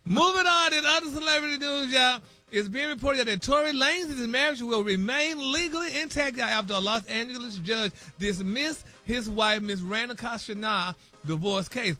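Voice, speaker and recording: Man, high voice, celebrity news on morning radio, gossipy, chatty, bright tone. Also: moderate pace, few pauses. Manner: animated and gossipy, says "y'all" and "honey" constantly.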